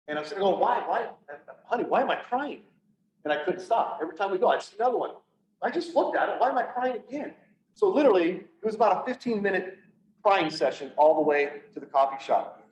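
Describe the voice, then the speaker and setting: A man's voice: on the high side, a little mellow, a little hiss or hum. Earnest man telling his story in an echoey hall. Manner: earnest, halting, with frequent restarts. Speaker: public speaker on PTSD. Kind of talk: personal storytelling talk. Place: event room, speaking to an audience. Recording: echoey room, voice from far off, dull sound.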